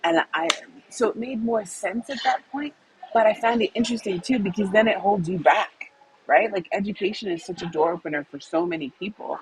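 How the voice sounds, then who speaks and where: A woman's voice: medium pitch, a little fast. Chatty woman podcast co-host, faint noise. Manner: talkative, rambling with restarts and laughs. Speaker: university instructor. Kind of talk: casual podcast conversation.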